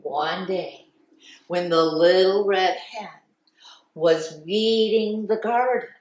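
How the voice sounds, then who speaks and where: A woman hosting a children's story time, singing songs and reading a storybook aloud in an animated, sing-song way with animal sounds. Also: lowish voice, slow. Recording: roomy sound from a distant mic.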